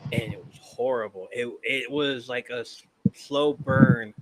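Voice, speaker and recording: A man's voice: mid-range voice, steady tone, unhurried. A man hosting a casual podcast, counting down a ranked list in a loose, profane way and often trailing off to restart. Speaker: podcast host. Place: live-streamed podcast. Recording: clear background noise with clicks.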